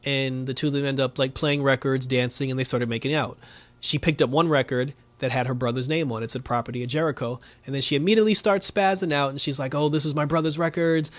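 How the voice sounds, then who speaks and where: A man talks through a TV episode in a loose, unscripted recap, full of fillers and the odd laugh. His voice sits at an ordinary middle pitch. The sound is close and dry, with no room echo. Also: fast, a bit bright. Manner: loose, lots of fillers, laughs often, acts out quotes. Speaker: show reviewer.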